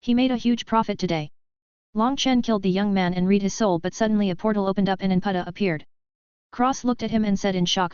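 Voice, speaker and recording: A woman giving steady, scripted narration of a web novel as an audiobook narrator. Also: medium pitch, quick pace, clear, resonant tone, no room sound. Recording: dry, slightly dull lo-fi recording.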